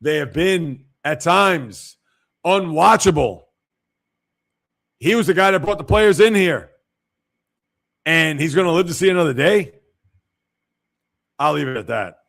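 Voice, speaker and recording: A man hosting a sports livestream, talking in a somewhat high, gravelly voice. He reacts to viewer comments in an offhand way and turns blunt and emphatic when he criticizes. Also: expressive, normal speed, pauses often, a bit bright. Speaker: sports show host.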